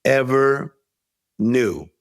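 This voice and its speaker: Gravelly man telling a lively story. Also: mid-range voice, extremely slow, no room sound. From United States. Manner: animated storyteller acting out quoted voices. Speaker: guest, life coach. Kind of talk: storytelling in a podcast interview.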